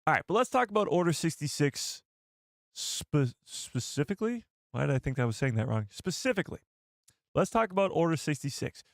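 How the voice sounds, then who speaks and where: A man's voice: fairly high pitch, very animated, a little fast, vocal fry, no room sound, studio quality. A young man hosting a casual livestream, reading viewer comments aloud and laughing at himself. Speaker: livestream host. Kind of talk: casual live chat.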